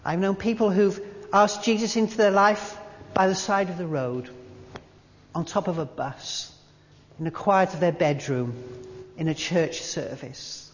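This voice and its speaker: A preacher giving a sermon at a church service, telling a story in an animated way and then speaking quietly and intimately. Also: mid-range voice, normal speed, slight background noise. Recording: long church reverb, dull lo-fi sound.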